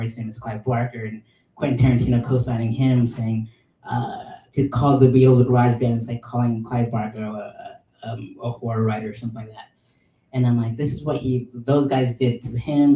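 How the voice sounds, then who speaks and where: A man in his thirties casually telling a long personal story on a podcast, animated and full of likes and ums. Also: medium pitch. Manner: animated, filler-heavy with many likes and ums. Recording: roomy sound, mic at a distance.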